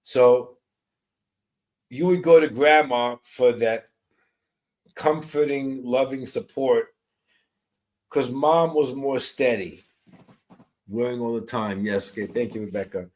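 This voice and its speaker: Soft-spoken man giving a live psychic reading. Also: medium pitch, fairly even intonation, slow, long pauses, poor audio. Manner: greets chat viewers by name, soft and reassuring. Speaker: medium. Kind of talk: live-streamed mediumship reading.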